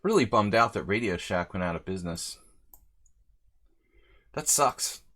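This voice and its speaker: A man's voice: fairly low pitch, lively intonation, measured pace, bright, forceful tone. A man streaming chess live, rambling chattily between moves and reading out viewer names in casual commentary. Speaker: chess streamer playing a simul. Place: lives in Hungary.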